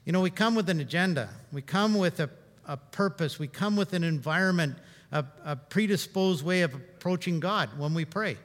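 A man preaching a sermon in a conversational, humorous way, swinging between loud and hushed. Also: fairly high pitch, moderate pace, in a large hall.

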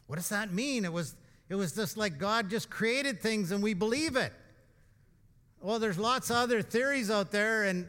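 A pastor delivers an informal, emphatic conversational sermon packed with asides and rhetorical questions, with the long reverb of a church hall. His high-pitched voice sounds pushed and bright.

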